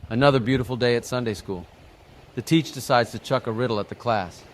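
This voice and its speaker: A man's voice: on the low side, steady tone, fast talker, slight background noise. A man narrating jokes in a scripted, slang-filled storytelling style. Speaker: joke narrator.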